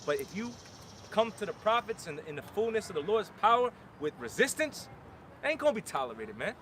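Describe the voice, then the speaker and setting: A man's voice: high-pitched, sing-song, a little fast, a bit bright, a little hiss or hum. A man preaching emphatic warnings outdoors at a street camp. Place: outdoors on a city street with traffic.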